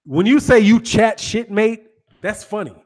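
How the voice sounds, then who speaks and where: A man's voice: sits high, measured pace. An American man hosting a boxing channel, ranting casually with a lot of swearing and laughter. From United States. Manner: profane, teasing, laughs often.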